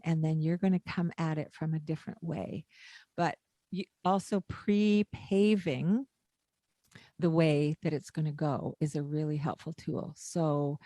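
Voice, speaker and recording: A woman's voice: low-pitched, no room sound, studio quality. A woman co-hosting a parenting podcast, coaching in a casual chat and acting out what to say to a child. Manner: warm, coaching tone with acted-out lines to a child.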